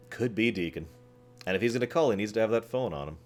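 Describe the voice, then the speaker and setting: A man streaming, chatting casually with his viewers in a rambling, animated way, often laughing and acting out scenes. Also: on the low side. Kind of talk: casual chat with live chat.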